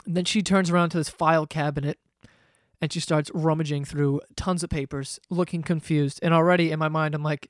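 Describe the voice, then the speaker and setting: Young man, podcast host, fairly high voice, dry close sound, rambling and animated, swears a lot. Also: brisk, no room sound. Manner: animated, profane, rambling with fillers. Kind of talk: casual storytelling monologue.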